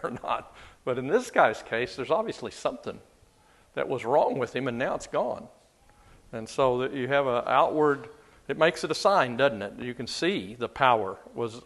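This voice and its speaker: Chuckling man teaching Bible. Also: medium pitch. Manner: chuckles often, relaxed and chatty.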